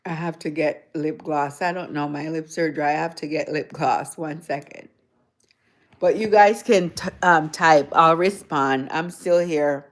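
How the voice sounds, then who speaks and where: A woman hosting a casual livestream, chatting in a rambling, easygoing way full of "like" and "you know". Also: deep voice. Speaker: livestream host.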